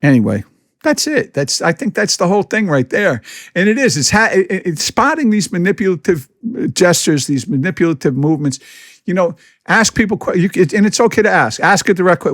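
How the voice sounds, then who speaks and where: A man's voice: sits high, very animated, fairly quick, a bit bright, no echo, studio quality. A man in his fifties, a podcast host, talking in a blunt and candid way, with many restarts, in a casual monologue. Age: 50s.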